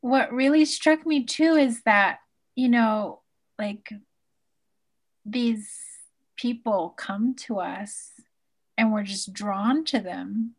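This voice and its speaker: A woman in her forties hosting a casual conversation, reminiscing in an animated, affectionate way. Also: fairly high pitch, takes it slowly, pauses often. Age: 40s.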